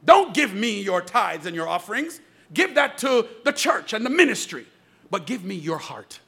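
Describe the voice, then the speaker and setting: A man's voice: sits high, big pitch swings, moderate pace, creaky, bright, forceful tone, breathy edge. A male pastor preaching a fervent sermon from the pulpit, calling out to his congregation. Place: church pulpit.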